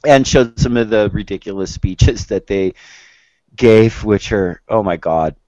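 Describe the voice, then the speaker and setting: A man's voice: fairly low pitch, unhurried, darkish tone, dry recording, highs cut off. A man hosting a casual political podcast, talking in long rambling runs with many restarts. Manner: rambling, lots of fillers and restarts. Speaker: podcast host.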